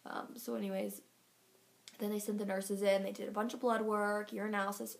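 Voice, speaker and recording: A woman chatting to her viewers in a casual vlog, her voice gravelly with vocal fry. She talks a little out of breath, rambling through her update with plenty of fillers. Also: mid-range voice, flat delivery, brisk. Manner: chatty, filler-heavy storytelling. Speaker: vlogger giving a pregnancy update. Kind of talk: casual chat to camera.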